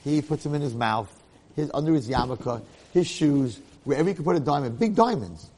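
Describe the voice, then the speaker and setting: A man giving a Torah lecture, telling a parable in an animated way and acting out the characters' lines. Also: fairly high pitch, fairly quick, husky, big-room sound. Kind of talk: storytelling lecture.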